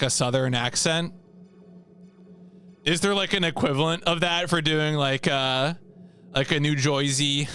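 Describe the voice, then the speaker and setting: A man streaming a video game, chatting casually with viewers in an animated way and laughing often. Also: a little high.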